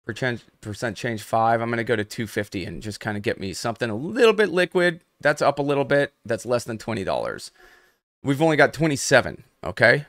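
A man's voice: mid-range voice, expressive, a little fast, fairly bright tone, no echo, studio quality. A young adult man hosting a live trading stream. He talks casually and speaks straight to his viewers in the chat. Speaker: host.

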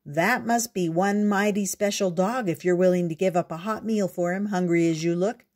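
A woman voicing a gruff older farmer who speaks loudly and low, with a commanding manner. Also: moderate pace, natural voice. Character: gruff older male farmer, booming then kindly.

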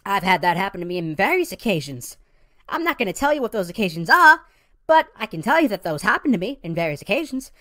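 In a clean studio recording with no room sound, a woman with a fairly high, slightly bright voice plays a brash, foul-mouthed pizzeria boss. She lectures trainees in a rambling, profane comic monologue, peppering it with "you know" and calling the listener sweetie or honey.

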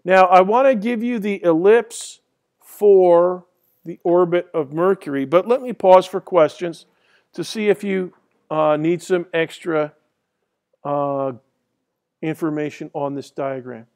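Male lecturer, high-pitched, loose and chatty with lots of ums. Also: slow, a little mellow. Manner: rambling and conversational, many fillers and restarts. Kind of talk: classroom lecture. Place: lecture hall.

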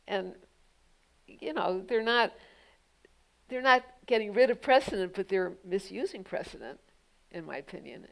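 A woman's voice: fairly low pitch, vocal fry, rough recording. A woman guest at a public onstage conversation, answering audience questions in a thoughtful, pointed way with frequent "you know" fillers. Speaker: guest speaker, legal journalist.

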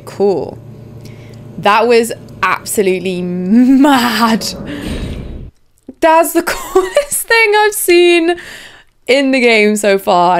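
A young woman playing a video game, chatting casually to viewers and getting excited and swearing as she explores. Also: mid-range voice. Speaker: let's play host. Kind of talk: casual gameplay commentary. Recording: background noise under voice.

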